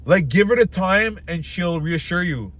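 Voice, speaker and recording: A man's voice: sits high, lively intonation, a little slow, a bit bright. A young man giving blunt dating advice straight to the camera in loose, casual talk full of filler words.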